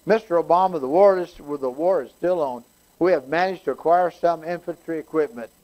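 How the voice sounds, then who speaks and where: A man's voice: on the high side, fairly quick, a little mellow, lightly acted, low-quality recording. A man voicing a folksy small-town Southern caller with a Southern accent, drawling and plainspoken while reading a joke aloud.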